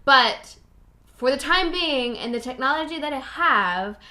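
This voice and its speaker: A young woman with a high, sharp voice and lively intonation hosts her own solo podcast, speaking a little slowly. She chats casually in a bubbly, rambling way and laughs at herself.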